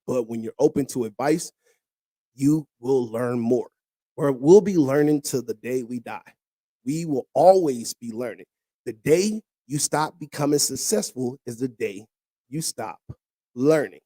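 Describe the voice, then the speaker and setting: A man's voice: medium pitch, expressive, measured pace, mellow, dry recording, studio quality. A man hosting a podcast, giving casual advice and joking around in loose, street-style talk. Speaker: podcast host. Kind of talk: casual chat.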